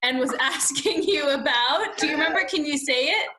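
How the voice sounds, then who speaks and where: A woman's voice: sits high, normal speed, bright, forceful tone, a little hiss or hum. A young adult woman co-hosting a podcast, chatting casually in a giggly, rambling way. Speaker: podcast co-host. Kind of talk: casual chat.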